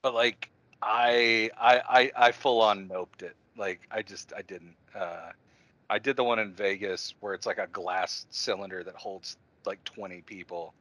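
Male podcast host, lively storyteller, crisp forceful tone, dead-dry booth sound. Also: fairly low pitch, unhurried, no echo. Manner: animated storyteller, laughs often. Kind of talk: casual chat.

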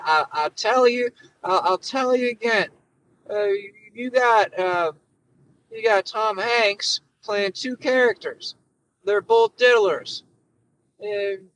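A man's voice: sits high, fairly bright tone, rough recording. A man putting on a rambling, stammering elderly male politician in a comic impression, recorded in a car through a phone. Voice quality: stammering, repetitive, hoarse-edged. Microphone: phone through car system.

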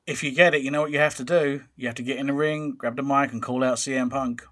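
A man's voice: mid-range voice, fairly even intonation, fast talker, a bit bright. A man, a wrestling trainer hosting a podcast, talking in an enthusiastic and encouraging way. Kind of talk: casual podcast conversation.

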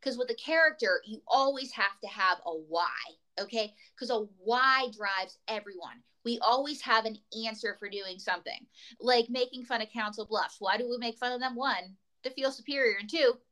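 A woman's voice: on the high side, normal speed, sharp tone, poor audio. A woman comedian telling rambling, tangent-filled stories as a guest in a casual chat. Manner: rambling, tangent-prone storytelling.

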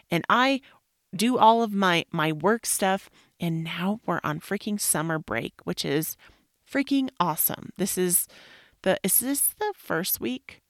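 A woman's voice: on the low side, a bit bright, no echo, studio quality. Candid, rambling woman podcaster. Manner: candid, rambling, drops into whispers and swears. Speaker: podcast host. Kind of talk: casual solo podcast talk.

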